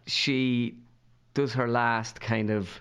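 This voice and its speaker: A young Irish man, a podcast guest, telling a funny story in a loose, animated way and putting on voices of the people in it. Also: medium pitch, slow pace, clear, resonant tone. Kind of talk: casual storytelling chat.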